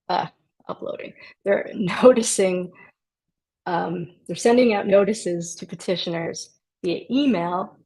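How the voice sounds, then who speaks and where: Low gravelly woman immigration attorney. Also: darkish tone, low-quality recording. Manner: conversational, dryly sarcastic asides. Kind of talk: explanatory talk to camera.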